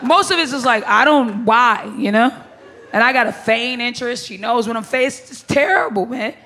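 A woman's voice: on the high side, normal speed, pushed and bright, a little hiss or hum. A woman performing a stand-up comedy set, brash and blunt, with crude punchlines and bursts of laughter. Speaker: stand-up comic.

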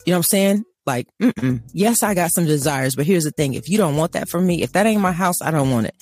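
Husky woman preaching in a rant. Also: sits low, animated, fast, a little mellow, dry recording, faint music behind. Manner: emphatic, acts out dialogues, laughing asides. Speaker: co-host. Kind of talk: animated faith talk, preaching rant.

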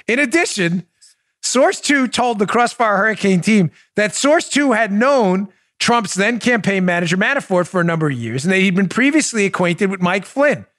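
A man in his forties hosts a political commentary podcast in a very high, bright voice. He swings wildly up and down in pitch, breaking into incredulous exclamations and bursts of laughter. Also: animated, normal speed. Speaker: podcast host.

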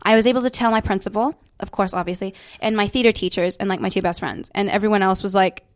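A young adult woman with a slight British inflection, telling stories in a bubbly, animated way as an interview guest. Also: medium pitch, fast, no echo. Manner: bubbly, animated storytelling with laughs. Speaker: guest, stage actress. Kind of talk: casual interview chat.

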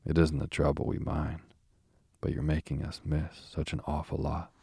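A man's voice: extremely low pitch, monotone, gravelly, mellow, slightly rough, no echo, studio quality, exaggerated voice. A man reading the part of a cheerful, practical water rat who talks heartily to his friend. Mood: hearty. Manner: hearty, brisk.

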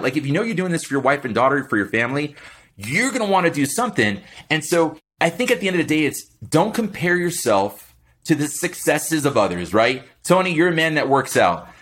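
A man with a husky, slightly breathy voice that sits a little higher than most men's. He talks in an energetic, motivational way as a podcast guest, and he keeps checking in with his listeners with a quick "right?". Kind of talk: motivational casual chat.

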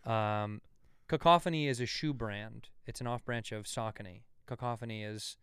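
A man's voice: mid-range voice, fairly quick, fairly bright tone, smooth, no room sound, clean studio sound. A man in his thirties, a guest on a comedy podcast, riffing and ranting in casual chat with swearing. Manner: riffing, swearing, mock rants, acts out quotes.

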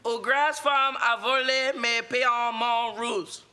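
A man's voice: extremely high pitch, steady tone, takes it slowly, bright, forceful tone, exaggerated voice. A man playing a comic sketch host who speaks in an absurd fake French accent, hammy and drawn out. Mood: mock solemn. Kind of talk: sketch comedy.

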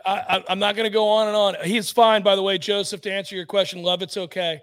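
A man's voice: sits high, quick pace, clear, resonant tone. A man co-hosting a casual sports talk show from home, joking and ranting with exasperation. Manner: joking, animated, rants with exasperation. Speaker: sports podcast co-host. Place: home, by a fire at night.

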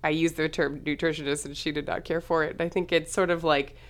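A woman co-hosting a podcast who chats casually, laughs easily and acts out little quotes in lively voices. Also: deep voice, fast.

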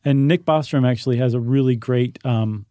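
A man's voice: mid-range voice, normal speed, dark tone, dry recording, clean studio sound. A man co-hosting a casual podcast, explaining ideas in an easygoing way and thinking aloud with fillers. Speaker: podcast co-host.

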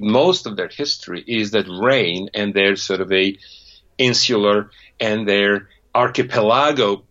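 A man, a historian guest, gives halting, thoughtful explanations. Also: lowish voice, a bit bright, dull audio. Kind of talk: interview answers.

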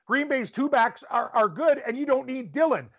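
A man's voice: very high-pitched, lively intonation, normal speed, a bit bright, highs cut off. A man co-hosting a sports podcast, talking in a blunt, emphatic, casual way with the odd swear. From Canada. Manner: blunt, emphatic, mildly profane.

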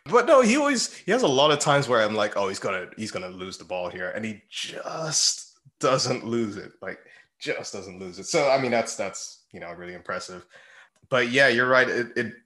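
A man's voice: on the low side, very animated, normal speed, sharp tone. A man co-hosting a casual football podcast, rambling with many fillers and frequent laughs. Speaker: podcast co-host. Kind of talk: casual chat about football.

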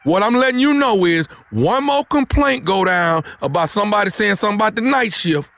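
High pitched guy doing a prank call, stammers, picks a fight. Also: animated, brisk, creaky, fairly bright tone, no echo. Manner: stammering, confrontational, streetwise slang. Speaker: radio prank caller.

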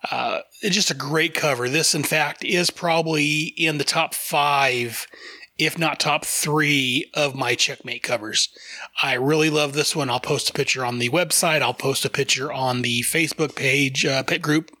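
A man's voice: fairly high pitch, steady tone, normal speed, pushed and bright, no echo, studio quality. A man hosting a casual comic review chat, enthusiastic and rambling, with frequent fillers. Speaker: podcast host reviewing comics.

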